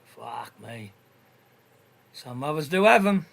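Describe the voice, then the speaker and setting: A man's voice: a little high, animated, takes it slowly, vocal fry, fairly bright tone. An Australian man in casual voice chat, talking bluntly with slang and heavy swearing. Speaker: livestream voice chat participant.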